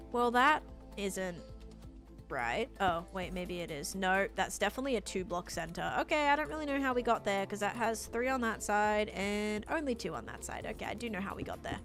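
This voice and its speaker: A woman with an Australian accent, live-streaming a building game and chatting casually with her viewers as she plays. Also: medium pitch. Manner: chatty, talks to chat while building. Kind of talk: casual live-stream chat while playing.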